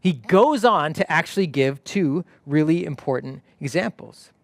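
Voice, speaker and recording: A man's voice: on the high side, normal speed, gravelly, no echo, studio quality. A man preaching a sermon as pastor, acting out the voices of the people in his story. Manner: animated, acts out quoted voices.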